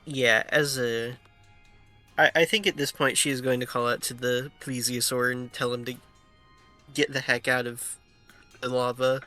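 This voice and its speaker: Easygoing male tabletop player, bright and hesitant. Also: mid-range voice, fairly even intonation, moderate pace, pauses often, soft background music. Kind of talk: tabletop game chat.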